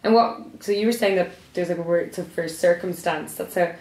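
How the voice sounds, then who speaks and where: Lively young Irish woman host. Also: on the low side, fairly quick. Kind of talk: casual chat. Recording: echoey room.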